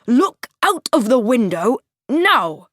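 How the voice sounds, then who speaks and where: A woman's voice: fairly high pitch, very animated, slow, slight background noise, pitched above the performer's own voice. A woman reading as a stern rich businessman. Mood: commanding. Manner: commanding, loud orders.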